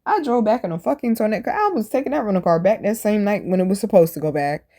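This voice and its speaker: A woman hosting a podcast, telling stories in a casual, animated and blunt way, full of slang and swearing. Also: medium pitch, fast. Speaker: podcast host. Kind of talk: casual storytelling monologue.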